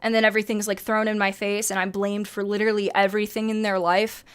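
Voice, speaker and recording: A woman's voice: mid-range voice, level tone, quick pace, clear, resonant tone. A woman in her twenties venting to her stream chat, heated and emphatic, swearing often. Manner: heated, profane, emphatic ranting.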